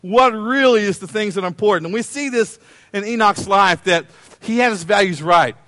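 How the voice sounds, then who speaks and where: Guy preaching, high voice, dry close sound, chatty and joking, says things twice. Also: normal speed, pushed and bright, dry recording. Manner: conversational, playful, repeats phrases. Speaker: pastor. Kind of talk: sermon.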